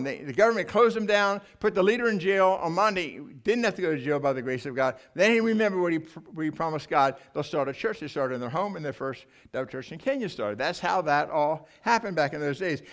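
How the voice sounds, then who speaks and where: An older male preacher with a notably high voice, telling a sermon through lively, emotional stories from the pulpit. He talks with many restarts and rising feeling, addressing a church congregation. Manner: animated, emotional storytelling with restarts. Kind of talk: sermon storytelling.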